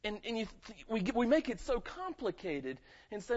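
A male pastor with a light Southern accent preaches in a chatty, personal way, often checking in with his listeners. His voice sits a little higher than most men's, and the recording sounds somewhat muffled and lo-fi. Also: very animated, moderate pace, few pauses, a little mellow. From North Carolina. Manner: conversational preaching, calls for amens. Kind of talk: sermon.

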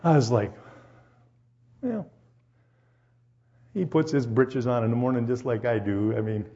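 A man from a Christian radio station telling an animated testimony story at a church service, acting out the voices he quotes. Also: mid-range voice, fairly quick. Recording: dull lo-fi recording.

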